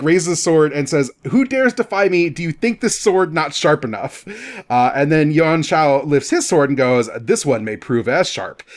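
Animated man telling a story with goofy voices. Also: fairly high pitch. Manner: animated retelling, slips into goofy voices for the figures. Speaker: podcast co-host retelling a historical novel. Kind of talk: casual chat.

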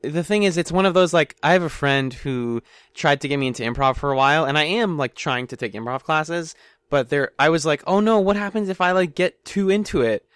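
A man's voice: a little high, brisk, a bit bright, clear, resonant tone, no echo, studio quality. A man hosting a podcast segment, telling self-deprecating stories in casual chat. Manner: self-deprecating, storytelling, laughs easily.

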